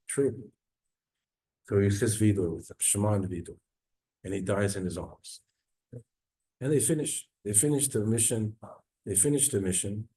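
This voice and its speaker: A man, a rabbi, giving an earnest storytelling sermon in a synagogue, dropping low and soft at sad moments.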